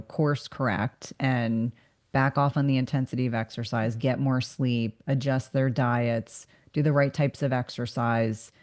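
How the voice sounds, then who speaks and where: A woman's voice: extremely low pitch, darkish tone. Earnest woman podcast host. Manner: earnest, reflective, repeats words while thinking. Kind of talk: casual interview conversation.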